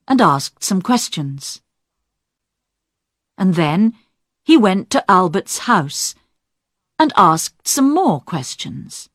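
A woman narrating a graded-reader audiobook, clear, expressive and deliberate. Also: lowish voice, no echo, studio quality.

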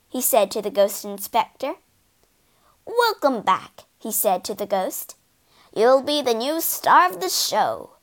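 Brief: woman storyteller for kids, slow and lively, high pitched. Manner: expressive, animated narration. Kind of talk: children's storybook reading.

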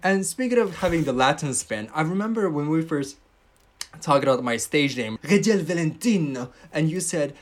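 A man's voice: fairly high pitch, lively intonation, moderate pace. A man hosting a podcast in casual chat, upbeat and playful, laughing often. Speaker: podcast host.

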